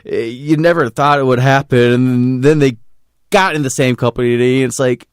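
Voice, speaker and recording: A man co-hosts a podcast, chatting casually, speaking bluntly and swearing freely. His mid-range voice is clear and resonant at a normal speed. The audio is studio quality with no room sound.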